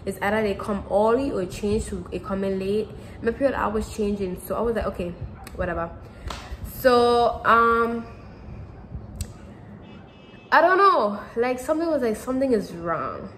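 A woman's voice: mid-range voice, expressive, moderate pace, pauses often, fairly bright tone, slight background noise, poor audio. A teenage girl telling a personal story to camera in casual chat, rambling and repeating herself with lots of fillers. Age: teens. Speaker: vlogger.

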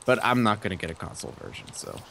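A man co-hosting a let's play, talking in an easygoing, chatty way with quick laughs. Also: on the low side, huge pitch swings, vocal fry, a bit bright, a little hiss or hum. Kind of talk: casual gaming chat.

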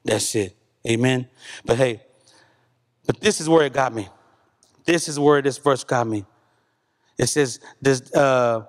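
A man preaching a sermon as pastor, a father of a young son, talking animatedly and swinging between loud bursts and hushed asides. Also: mid-range voice, lively intonation, a little slow, pauses often. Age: young adult or middle-aged, father of a young son. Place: church.

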